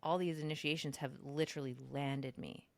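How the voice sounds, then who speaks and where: A woman's voice: fairly even intonation, brisk, darkish tone, no echo. A woman co-hosting a podcast, talking in a reflective, casual way with many fillers. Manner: reflective, lots of "like", slips into high mocking voices when quoting herself. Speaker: podcast co-host. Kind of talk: casual spiritual chat.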